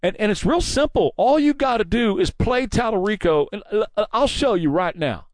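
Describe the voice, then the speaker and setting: A combative man hosts a political commentary monologue, preachy and mocking in tone. His pitch swings widely as he pushes his points, and the recording is close and dry. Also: expressive, moderate pace, no room sound. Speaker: talk show host.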